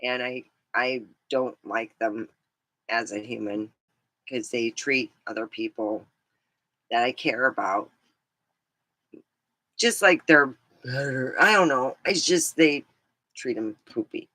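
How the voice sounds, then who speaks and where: A middle-aged woman vlogging in a rambling, casual chat, scattered and quick to laugh. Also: a bass voice, fairly bright tone, no echo. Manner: chatty, scattered, laughs a lot.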